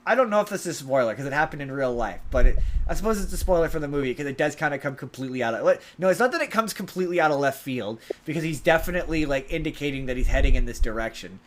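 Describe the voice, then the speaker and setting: A male podcast co-host recaps a movie in a rambling way, full of restarts and filler ums, and acts out quotes. His fairly high voice has lively intonation and comes rapid-fire with few pauses, on a rough recording with slight background noise.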